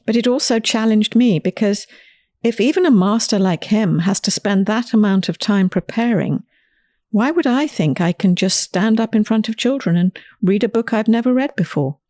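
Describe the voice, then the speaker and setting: A woman host and author telling a personal story in a scripted, lively reading style. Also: medium pitch, moderate pace, dry recording, clean studio sound.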